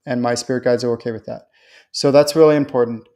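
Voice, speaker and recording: A man hosts a live stream in a chatty, reassuring way. His voice sits at an ordinary middle pitch. He often jumps up high to act out excited quotes from other people. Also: fast. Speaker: host and spiritual channeler. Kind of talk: live-stream talk answering viewer questions.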